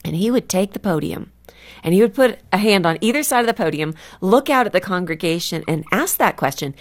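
Earnest, slow-stressing woman author. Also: lowish voice, lively intonation. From California, USA. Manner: earnest, reflective, stretches key words slowly. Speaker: author guest. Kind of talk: faith radio interview.

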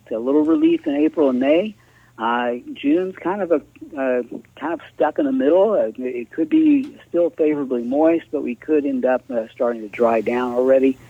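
Husky man over a tinny phone line. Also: medium pitch, animated, dry recording. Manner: halting, with frequent uh fillers. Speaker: agricultural meteorologist interviewed. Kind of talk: casual explanatory talk.

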